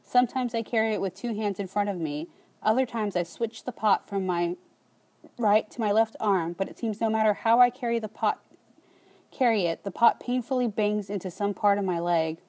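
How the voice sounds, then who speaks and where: A woman narrating an audiobook in a calm, measured first-person reading. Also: mid-range voice.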